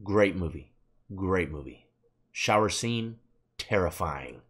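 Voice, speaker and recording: A man's voice: low voice, animated, slow pace. Laid-back man reacting to clips. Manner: laid-back, slangy street talk. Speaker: host reacting to clips, formerly incarcerated. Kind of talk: casual reaction commentary.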